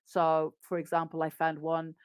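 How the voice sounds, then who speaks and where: An English RP woman speaks as a business English coach, laying out practical advice in a bright, upbeat way. Her voice sits fairly low for a woman. It sounds dry and close, with no room echo. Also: completely flat delivery, normal speed, smooth. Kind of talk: conversational interview.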